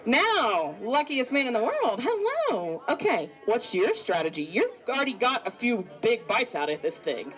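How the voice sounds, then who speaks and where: A woman's voice: on the high side, sing-song, normal speed, few pauses, fairly bright tone, faint music behind, poor audio. Bubbly woman emceeing a contest. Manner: bubbly, joking, chatty with contestants. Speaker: event emcee. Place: busy restaurant event. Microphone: handheld mic.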